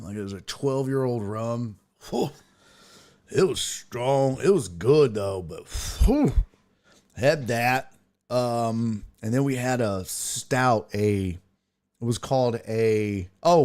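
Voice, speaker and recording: A man hosting a sports podcast, telling a rambling, profane story in casual chat. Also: medium pitch. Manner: rambling, profane storytelling with animated quoted asides.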